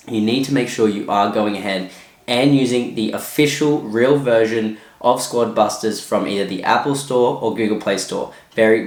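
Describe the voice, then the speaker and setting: A man hosting a casual tutorial, talking loosely with lots of filler phrases. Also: on the low side. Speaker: tutorial host. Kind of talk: casual screen-recorded tutorial. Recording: echoey room.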